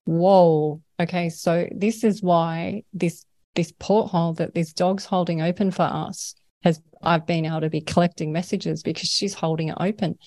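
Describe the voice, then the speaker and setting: An Australian woman speaks in a meandering, earnest way, laughing now and then as she talks. Her voice sits a little low. The sound is dry, with no room echo. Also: fairly even intonation, normal speed, darkish tone. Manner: earnest, rambling, laughs often. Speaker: paranormal experiencer, guest. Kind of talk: conversational interview.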